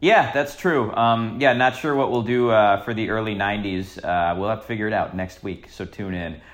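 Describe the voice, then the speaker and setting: A man's voice: on the low side, moderate pace, a bit bright, muffled recording. Laid-back man recounting stories. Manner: laid-back storytelling with frequent fillers. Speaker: podcast co-host. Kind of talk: casual chat.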